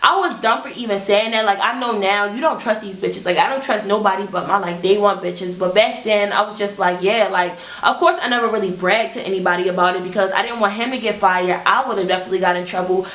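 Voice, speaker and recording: A young woman chats straight to her viewers in a storytime vlog. She talks candidly and with lots of swearing, and her voice sits at an ordinary pitch for a woman. The sound carries the echo of a bare room. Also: quick pace, few pauses. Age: young adult. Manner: candid, animated, profane storytelling. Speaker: vlogger. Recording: roomy echo.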